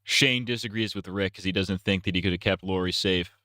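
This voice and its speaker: A man's voice: deep voice, steady tone, brisk, bright, forceful tone, no echo, clean studio sound. A young man co-hosting a casual stream, blunt and crude in his jokes.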